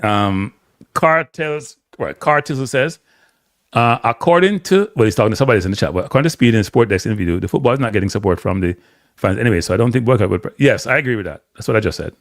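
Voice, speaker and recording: A Jamaican man talks on a live stream, blunt and opinionated, his pitch jumping up and down as he gets worked up. He swings between thick patois and standard English. The sound is close and dry, with hardly any room around it. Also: lively intonation, fast talker, no room sound. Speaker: host. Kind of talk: casual live-stream commentary.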